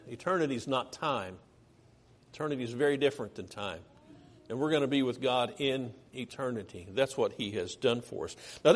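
A man's voice: fairly high pitch, in a large hall. A man preaching a sermon, asking the congregation questions and acting out whiny complainers in character. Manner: animated, rhetorical questions, acts out whiny complainers.

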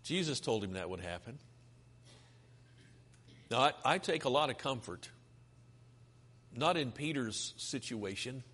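A male preacher delivering a sermon with a lively voice that rises and falls freely. He talks earnestly and pleadingly, and he often asks rhetorical questions. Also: mid-range voice, unhurried, long pauses.

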